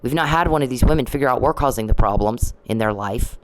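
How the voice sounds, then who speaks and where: A woman's voice: rumbling low, fast talker, no echo, rough recording. A middle-aged woman in a ranting vlog monologue, confrontational and repetitive, scolding someone directly. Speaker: vlogger.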